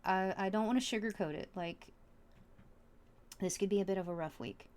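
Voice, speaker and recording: A woman giving a casual tarot reading, chatty and earnest, full of fillers and restarts, soft and heartfelt. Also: medium pitch, moderate pace. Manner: soft and heartfelt, at times emotional. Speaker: tarot reader.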